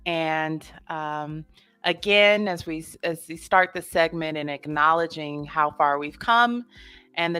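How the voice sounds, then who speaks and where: A woman co-hosting a talk radio show as a therapist, speaking in a measured way. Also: low voice, fairly bright tone, clear, resonant tone, no room sound. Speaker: therapist co-host.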